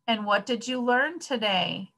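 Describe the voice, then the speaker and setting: Woman voicing a high, fussing mother shark. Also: lively intonation, measured pace, creaky, fairly bright tone, full character voice. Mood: affectionate. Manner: fussing, affectionate.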